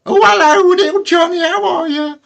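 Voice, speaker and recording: A woman's voice: steady tone, normal speed, creaky, muffled recording. A man putting on the voice of a doting old granny who reminisces fondly. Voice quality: high warbling voice.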